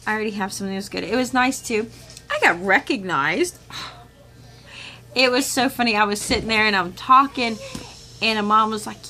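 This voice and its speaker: Speaking at a moderate pace in a mid-range voice with long pauses, a middle-aged woman casually shows off the homeschool curriculum she bought in a home vlog. She does the voices of people she quotes, laughing and whispering in a lively, talkative way, while children are close by in the room.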